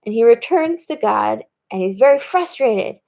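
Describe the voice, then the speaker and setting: A woman's voice: fairly high pitch, lively intonation, normal speed, a little mellow. A woman rabbi giving a recorded lesson, explaining steadily and reading verses aloud. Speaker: rabbi and teacher. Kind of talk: recorded teaching talk.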